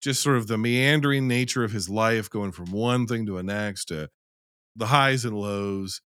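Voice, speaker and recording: A man co-hosting a casual film podcast, talking in a loose, animated way, swearing and acting out scenes as he argues his view. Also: on the low side, moderate pace, clear, resonant tone, no echo, clean studio sound. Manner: animated, profane, acts out scenes in quotes. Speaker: podcast co-host.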